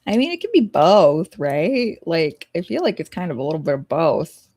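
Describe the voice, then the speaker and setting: A young woman streamer reading a story game aloud and reacting excitably, with laughing asides and loud outbursts. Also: low voice, moderate pace, no room sound, studio quality.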